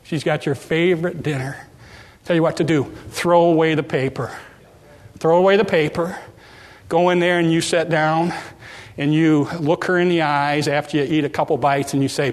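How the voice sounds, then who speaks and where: High-voiced preacher in an echoing hall. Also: male voice, fairly even intonation, normal speed. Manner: folksy and humorous, acting out little scenes. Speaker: pastor. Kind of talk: sermon.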